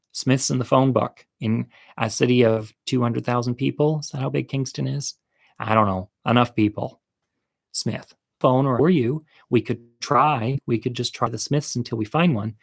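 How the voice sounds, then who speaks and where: A man's voice: medium pitch, creaky. A man in casual vlog mode tells a story from his childhood. His voice sits in a middle register, and he jumps into the voices of other people in the story as he tells it. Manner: animated, acts out quoted voices, laughs often. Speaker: storyteller vlogger.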